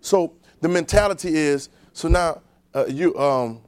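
A male preacher giving a conversational sermon, talking directly to his congregation and swinging between quiet, low asides and loud emphasis. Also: unhurried, smooth, no echo.

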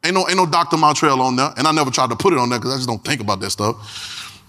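A man's voice: mid-range voice, fast talker, sharp tone, long reverb tail. A man preaching a sermon in an emphatic, repetitive way, calling out to the congregation.

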